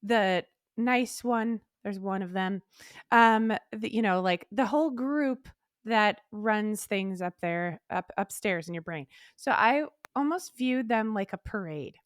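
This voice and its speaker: A woman's voice: medium pitch, measured pace, dry recording, studio quality. A woman co-hosting a podcast, talking frankly and animatedly in a candid chat, swearing freely. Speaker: podcast co-host. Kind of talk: candid casual conversation.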